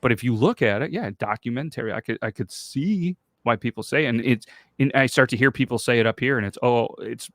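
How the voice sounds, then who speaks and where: A man's voice: medium pitch, brisk, a bit bright, no echo, studio quality. A man hosting a podcast, rambling casually and swearing in loose banter. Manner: rambling, swearing, self-conscious. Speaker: podcast host.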